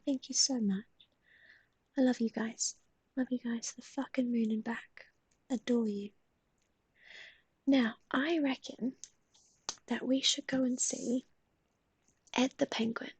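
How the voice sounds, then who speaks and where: A woman's voice: on the high side, husky, no echo. A young adult woman with an Australian accent, chatting casually and affectionately on a live stream, swearing now and then and often dropping to a half-whisper.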